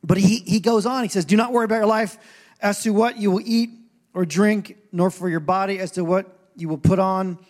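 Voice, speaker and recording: Male pastor, high voice, casual sermon with humor, big church reverb. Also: a little fast, a little mellow. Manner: casual, joking, acts out quoted voices. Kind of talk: conversational sermon. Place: church sanctuary. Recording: long hall reverb.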